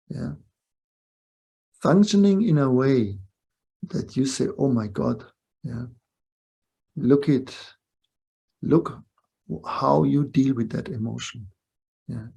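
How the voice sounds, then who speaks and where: This spiritual teacher is an older man whose mid-range voice sounds gravelly, warm and husky. He delivers a reflective webinar talk through a video call microphone, frequently wrapping up points by asking listeners brief questions.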